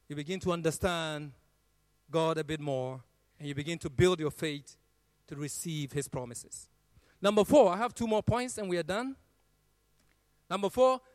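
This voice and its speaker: A man with a high voice preaches a sermon. He quotes scripture in a swelling, half-sung cadence. The sound is dry and close, with no room echo.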